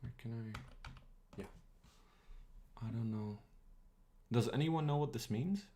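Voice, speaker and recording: A young man streaming casually, working through an old text out loud with many pauses and questions to his chat. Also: mid-range voice, slight background noise. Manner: thinking aloud, halting, reads words out slowly, asks the chat.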